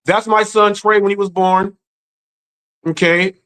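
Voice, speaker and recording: A grieving man hosting a live stream, speaking earnestly in a halting way and often repeating his words. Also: high voice, level tone, pushed and bright, clear, resonant tone, low-quality recording. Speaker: live-stream commentary host. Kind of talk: emotional live-stream rant.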